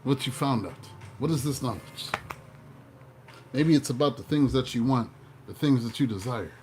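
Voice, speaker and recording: A man giving a casual tarot reading, playful and animated, breaking into joking mock voices. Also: medium pitch, moderate pace, soft background music. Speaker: tarot reader.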